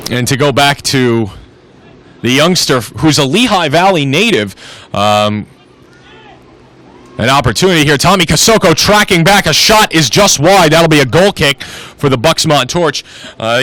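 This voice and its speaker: A man's voice: fairly high pitch, a bit bright. A man doing play-by-play commentary on a live soccer match, switching between calling the action and chatting with his partner.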